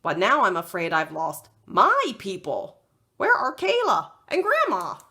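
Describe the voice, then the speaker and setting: A woman voicing a loyal, friendly male dog who tells the story, in her own gentle unhurried voice. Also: mid-range voice, wildly swooping pitch, full character voice. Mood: earnest. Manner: plain, gentle, slow.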